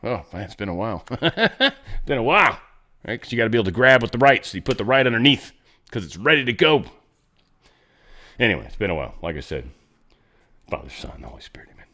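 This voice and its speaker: A man's voice: medium pitch, sing-song, fast talker, long pauses, bright, forceful tone. A man hosting a casual political commentary show, rambling and restarting his thoughts with irreverent, jokey asides. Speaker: show host.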